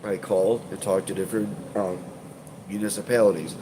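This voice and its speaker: A man's voice: lowish voice, fairly even intonation, a little fast, noisy background. A man with a stuffed-up voice chatting casually to viewers on a live stream, rambling and hesitant with many fillers and restarts, swearing offhandedly. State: congested, stuffed up. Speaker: urban exploration channel host.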